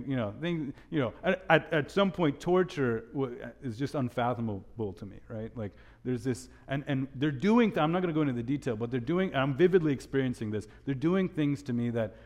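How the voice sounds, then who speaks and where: A young man giving a sermon with a personal story, telling it in an animated way with many restarts. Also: medium pitch. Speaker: speaker at a church gathering.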